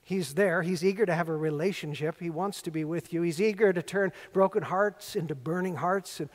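A man's voice: sits high, fairly quick. A male pastor preaching an earnest sermon, telling stories and building emphatic repeated phrases. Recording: long reverb of a large hall.

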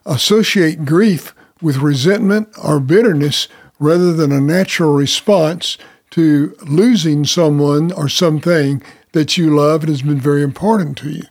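A man speaking calmly and explaining things as a co-host of a ministry talk. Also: fairly high pitch, unhurried. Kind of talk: reflective talk.

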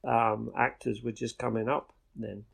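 A man's voice: medium pitch, level tone, unhurried, vocal fry, slightly rough. A man co-hosting a podcast, chatting casually about films and rambling with many restarts. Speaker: podcast co-host. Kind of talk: casual film chat.

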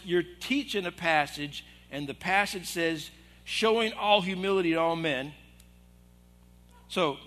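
A middle-aged male pastor with a high, bright, forceful voice. He tells a story to a men's group and slips into the voices of the people he quotes. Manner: animated, acts out quoted voices. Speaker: assistant pastor. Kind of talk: storytelling sermon. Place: church hall.

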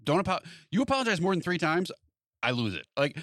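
A man's voice: a little high, fast, no echo, studio quality. A man chatting casually, telling a long anecdote and acting out both sides of the conversations in it. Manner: animated anecdote-telling, acts out quoted exchanges. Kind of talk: casual chat.

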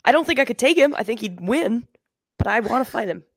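A woman's voice: on the high side, expressive, quick pace, no room sound, clean studio sound. A woman co-hosting a sports podcast, chatting casually and joking, with lots of ums and restarts. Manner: joking, rambling, frequent ums. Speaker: podcast co-host. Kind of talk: casual chat.

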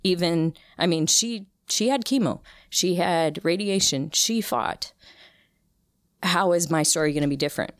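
Earnest low-voiced woman telling her story. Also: a little slow, no echo, studio quality. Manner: earnest, emotional storytelling with frequent restarts. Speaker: interview guest, cancer survivor. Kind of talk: casual conversational interview.

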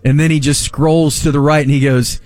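A man in his forties tells a story on a talk show, lively and quick to laugh. His voice sits a little high, and the studio mic is close and dry. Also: no room sound, faint music behind. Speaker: radio show host.

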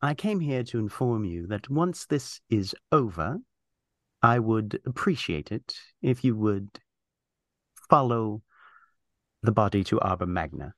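A man voicing a stern commanding figure who gives firm, measured orders in a lowered voice. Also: animated, dry recording, clean studio sound.

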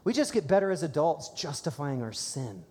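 A man preaching a sermon at a church service, telling stories conversationally and breaking into excited bursts. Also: a little high, normal speed. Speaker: pastor. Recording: long hall reverb.

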